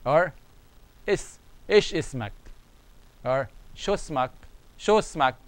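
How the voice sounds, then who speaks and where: Guy teaching beginner arabic, goes slow, says each phrase over and over. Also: on the high side, lively intonation, dry recording, poor audio. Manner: slow, repetitive, drills phrases aloud. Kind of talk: online language lesson.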